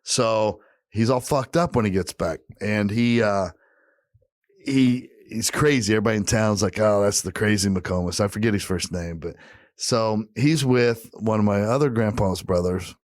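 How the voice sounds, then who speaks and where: A man's voice: fairly low pitch, normal speed, no room sound, clean studio sound. A man co-hosting a podcast, telling a long story in a casual, profane way and acting out the voices of the people in it. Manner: animated storyteller, acts out quoted voices; profane, laid-back. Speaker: podcast co-host.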